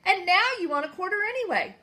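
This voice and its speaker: A woman's voice: very high-pitched, sing-song, quick pace, pushed and bright, voice pushed up, exaggerated voice. A woman voicing a bossy, greedy fairy queen who shrieks her demands in a storybook reading. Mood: outraged.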